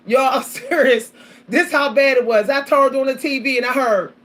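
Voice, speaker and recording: A woman vlogger tells her audience about her week in a loose, animated chat. She repeats herself, keeps calling out to her viewers and breaks into laughter as she goes. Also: high voice, normal speed. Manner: animated, repetitive, addresses viewers as y'all, laughs often. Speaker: spiritual vlogger.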